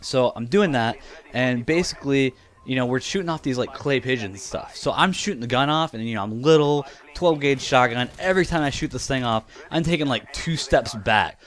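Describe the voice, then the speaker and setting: Young male vlogger in his twenties, mid-pitched, chatty and giggly storyteller. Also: animated, fairly quick, fairly bright tone. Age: 20s. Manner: chatty, laughs often, leans on "you know". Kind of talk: casual storytelling to camera.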